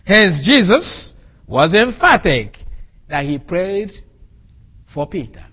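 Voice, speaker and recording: A man preaching a sermon, teaching from the Bible and explaining Greek words with an animated delivery. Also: slow pace, breathy edge. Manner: animated, rises and falls sharply in pitch and loudness.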